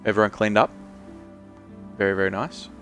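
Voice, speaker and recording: A male streamer chatting casually while he plays, rambling and restarting, his voice croaky and tired. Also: fairly low pitch, steady tone, normal speed, a bit bright, soft background music. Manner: rambling, many restarts and fillers. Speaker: game streamer. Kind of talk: casual chat while gaming.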